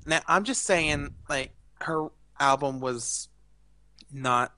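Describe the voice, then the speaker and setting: A young man talks in a loose, rambling way, full of fillers and strong opinions. His voice is bright and a little tense. The sound is dry and close, with no room around it. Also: on the high side, slow pace, dry recording. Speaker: podcast co-host. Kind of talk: casual chat.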